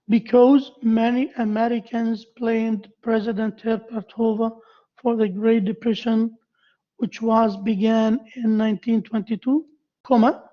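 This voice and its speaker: A male university lecturer giving a grammar lesson to a class, halting and repeating himself as he quizzes his students. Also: very high voice, dull audio.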